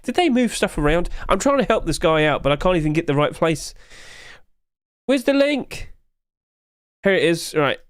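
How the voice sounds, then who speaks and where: Male streamer, higher-pitched voice, dry close mic, jokey casual chat with his audience. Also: expressive, fast, few pauses, smooth, no echo. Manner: chatty, jokey, answers chat and laughs often.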